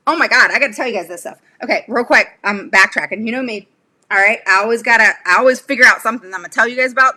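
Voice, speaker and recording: Bright, blunt fired-up woman advocate. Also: a little high. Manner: blunt, fired-up, many "okay?" tags; rambling asides and sudden laughs. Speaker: special education advocate and channel host. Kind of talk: casual livestream talk to viewers.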